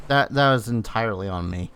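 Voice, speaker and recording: A man's voice: lowish voice, fairly bright tone, a little hiss or hum. A man streaming a game, giving casual commentary and muttering to himself with self-teasing remarks.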